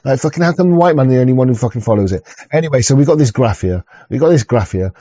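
A man's voice: mid-range voice, lively intonation, fast, mellow, no echo. A man ranting in profane, rambling commentary, with many restarts and mocking voices. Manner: rambling, swearing, frequent restarts, mock voices. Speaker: streamer reacting to a video. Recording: dull lo-fi sound.

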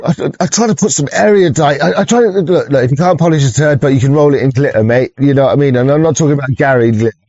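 Male livestream host, rambling and profane, dull lo-fi mic with a dark tone. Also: medium pitch, quick pace, hardly any pauses, no room sound. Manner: rambling, profane, frequent restarts.

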